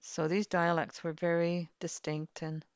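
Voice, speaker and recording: This livestream host chats casually while playing a farming game, cheerful, rambling, and quick to laugh. Her voice is on the low side, clear and resonant, with a flat delivery and a slightly slow pace. The recording sounds dry and muffled.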